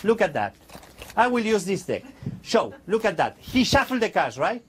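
A man's voice: high voice, big pitch swings, moderate pace. A man performing as a stage magician, chatting playfully with the audience in slightly broken English.

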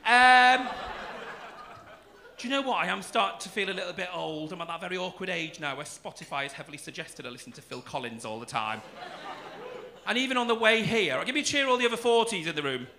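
A man in his 40s performs stand-up on a comedy club stage, cheeky and camp, ribbing the crowd and swearing freely. His voice is high, creaky and sharp, with lively intonation and a fast delivery. The noisy club room is full of audience laughter.

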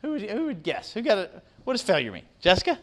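A middle-aged man with a high, fairly bright voice gives a quick-paced motivational talk, his pitch swooping wildly. He's a guest speaker in a university lecture room, chatting with the students, posing questions and ending lines with "right?"

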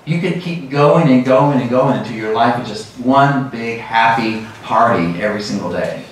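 A middle-aged man giving a lively sermon as a guest speaker, often breaking into laughter and acting out sounds. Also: medium pitch, normal speed, recorded from a distance, slight background noise. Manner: lively, laughing often, acts out sheep calls. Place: large church sanctuary. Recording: very echoey church hall from afar.

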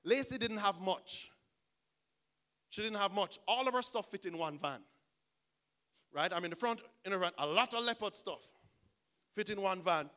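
A man preaching a sermon as pastor, telling a story in an animated way and acting out the people in it. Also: high-pitched, normal speed, pauses often.

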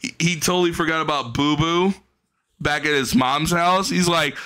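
A man's voice: fairly high pitch, fairly even intonation, normal speed, sharp tone, clean tone. A man casually commenting on a clip, profane and mocking, often mimicking the cat in voices.

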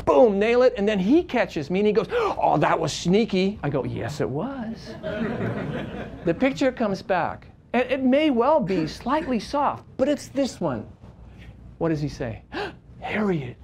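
A man's voice: fairly high pitch, darkish tone, a little hiss or hum. A man, a wedding photographer, teaching a live workshop to a room full of people, speaking with passion and emphasis. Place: room with an audience.

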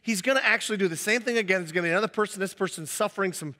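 A middle-aged male pastor giving a conversational, animated sermon in a church, acting out the voices he quotes. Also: high voice, rapid-fire, long reverb tail. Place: church hall.

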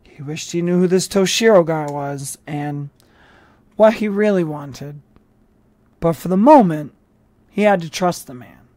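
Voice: medium pitch, a little slow, pauses often, dark tone, no echo. Dry, close audiobook narrator. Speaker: audiobook reader. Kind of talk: reading a novel aloud by chapter.

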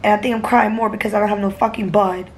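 A woman's voice: mid-range voice, fairly even intonation, fast talker, a little hiss or hum. A young woman from New York vlogging casually from an airport and a hotel room, blunt and profane, speaking into a phone at arm's length. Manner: blunt and profane, tearful at times. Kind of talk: casual vlog.

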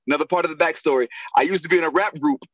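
In a casual interview, a male guest who acts and coaches actors tells lively stories, laughing and mimicking the voices of the people he quotes. His voice is fairly high and husky, and he talks fast. The recording is dry with no room sound, but the audio quality is poor.

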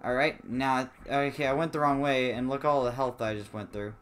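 A man giving let's play commentary, excitable and comically dramatic, jumping into high squeaky exclamations over faint game music. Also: moderate pace.

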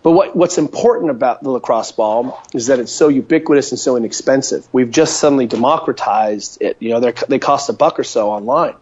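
A man talking as an interview guest over a call, an animated storyteller full of fillers, standing at a home counter. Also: medium pitch, fairly quick, hardly any pauses, husky. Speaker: guest, mobility coach. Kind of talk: casual interview by phone call. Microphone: phone or call line. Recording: dull lo-fi call audio.

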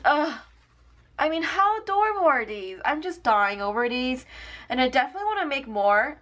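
Young woman, casual product vlog, bubbly and effusive, filler-heavy, voice a touch high. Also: a bit bright. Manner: gushing, upbeat, many fillers like "um" and "like". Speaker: planner sticker shop owner.

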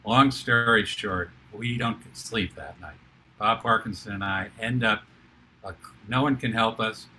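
Older man, bright lively storyteller. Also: lowish voice, unhurried, slight background noise. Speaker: author and TV producer, guest. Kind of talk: animated anecdotal storytelling.

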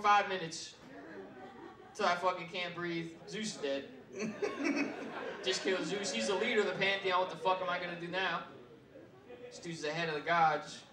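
Profane stand-up comic, high and roomy. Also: male voice. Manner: profane, loud bursts and laughing. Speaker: comedian. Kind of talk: stand-up storytelling with slides. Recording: roomy stage sound from far mic, audience.

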